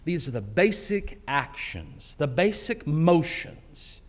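Animated, high-voiced man preaching slowly. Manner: animated storytelling, acts out quotes. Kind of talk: sermon. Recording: long hall reverb.

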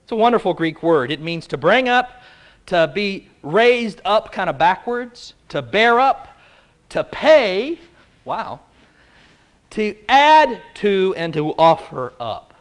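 A man's voice: sits high, big pitch swings, takes it slowly. A male pastor preaching a conversational, playful sermon to a live congregation, quizzing them as he goes. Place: church before a live congregation.

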